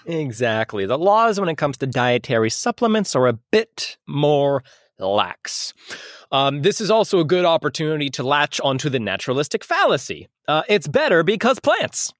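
Joking podcast co-host with a lively voice. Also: medium pitch, moderate pace, dry recording, studio quality. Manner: joking, laughs often, lively delivery. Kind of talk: casual comedic chat.

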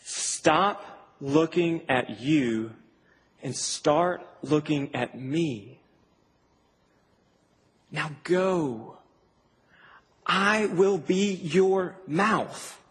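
A man voicing God as a calm, commanding male deity, speaking low and hushed to reassure. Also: drawn-out words, long pauses, slightly rough, heavily acted. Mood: firm. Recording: reverberant hall, faint ambient noise.

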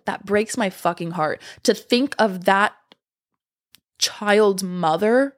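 A woman's voice: medium pitch, slow pace. A young adult woman chatting to camera, rambling and profane, out of breath and with a sore throat. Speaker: vlogger. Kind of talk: casual chat to camera.

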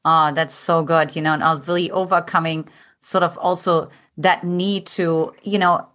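A woman's voice: lowish voice, steady tone, unhurried, a bit bright. A woman who hosts and coaches, chatting reflectively about relationships with her guest. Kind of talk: conversational interview.

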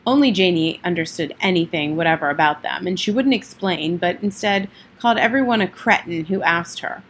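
A woman reading a children's novel aloud in a plain, steady way, with the odd slip and restart. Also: on the low side, a little fast, breathy edge. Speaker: audiobook reader.

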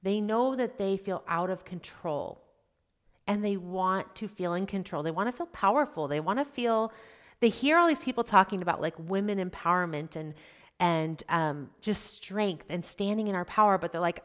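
A woman's voice: mid-range voice, moderate pace. A woman in her thirties speaks as a coach to mothers, with a mid-range voice. Her delivery is conversational and direct. She keeps checking in with her listeners. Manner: conversational, frequently checking in with "okay?" and "right?". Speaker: life coach.

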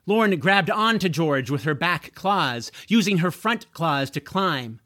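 Slow, bright-voiced male audiobook narrator. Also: a little high, no echo, clean studio sound. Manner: slow, expressive storytelling.

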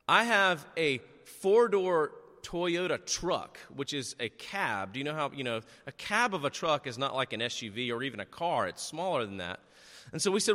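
A middle-aged man preaching a sermon, telling stories in an animated, chatty and self-deprecating way. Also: medium pitch, normal speed. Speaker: pastor. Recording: long echo of a large hall.

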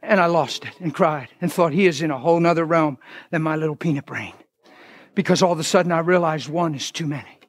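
A man preaching a sermon as pastor, fervent, swinging between shouts and hushed passages. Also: on the high side, a little fast, no echo.

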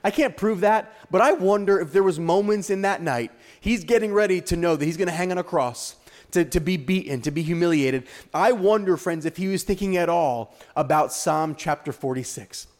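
A man's voice: high voice, moderate pace. A male pastor preaching a sermon with dramatic rhetorical questions and repetition.

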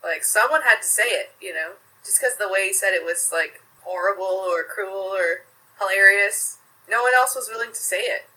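Young woman, vivid bright tone, loose rambling storyteller with lots of fillers. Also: mid-range voice, moderate pace, low-quality recording. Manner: chatty, laughs often, many filler "like"s. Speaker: interview guest. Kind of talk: casual remembrance interview.

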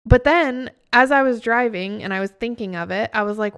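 A woman's voice: a little high, normal speed, few pauses, a bit bright, clean tone. A young adult woman co-hosting a casual podcast, telling stories and acting out what people said. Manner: storytelling, acts out quoted dialogue. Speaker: podcast co-host.

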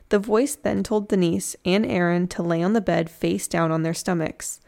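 A woman's voice: fairly low pitch, fairly even intonation, moderate pace, creaky, hardly any pauses, a little mellow. A woman telling a true crime story in a casual, chatty way, with slangy joking asides.

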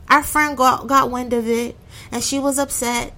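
A woman's voice: high-pitched, fairly even intonation, normal speed, bright, forceful tone, slight background noise. A woman tells a story casually and animatedly, acting out her friends' voices and swearing freely.

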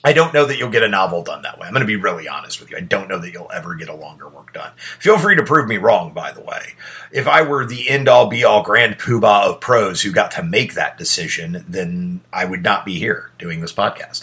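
A man's voice: lowish voice, animated, normal speed, bright, forceful tone, slightly rough. A man in his forties hosting a podcast, talking in a blunt, profane, conversational way. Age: 40s. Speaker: podcast host. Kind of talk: casual monologue.

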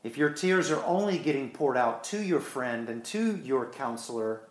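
A man preaching a sermon in an earnest way. He repeats words and slows down for emphasis. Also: medium pitch, expressive, echoey room.

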